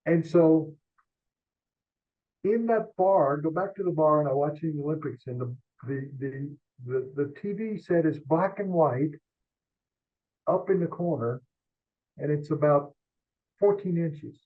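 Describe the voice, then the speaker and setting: An older man, a veteran sports columnist, telling rambling, animated stories as an interview guest. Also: on the high side. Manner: animated rambling anecdotes, quick asides. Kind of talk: storytelling interview. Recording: tinny phone-like line.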